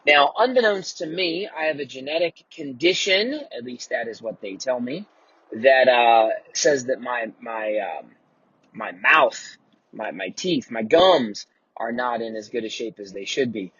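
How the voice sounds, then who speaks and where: A man's voice: mid-range voice, expressive, a little slow, fairly bright tone, husky, dry recording, highs cut off. A man in his forties hosting a casual mentoring talk, telling a personal story in a candid, profane way. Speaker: host.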